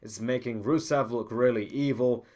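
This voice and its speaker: A man's voice: medium pitch, steady tone, moderate pace, a little mellow. Man ranting blunt on a podcast. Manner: blunt and ranting, with frequent restarts. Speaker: podcast host. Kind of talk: opinionated wrestling podcast commentary.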